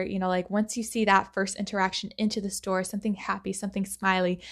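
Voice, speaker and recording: A young woman hosting a solo podcast, talking casually with lots of fillers and acting out her own thoughts in quotes. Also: medium pitch. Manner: chatty, rambling, many fillers; animated, acts out quoted thoughts. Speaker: podcast host.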